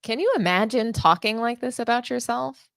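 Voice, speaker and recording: A woman's voice: on the high side, moderate pace, gravelly, fairly bright tone, no room sound, clean studio sound. A young adult woman hosting a sports show, delivering opinionated commentary with indignant, sarcastic rhetorical questions.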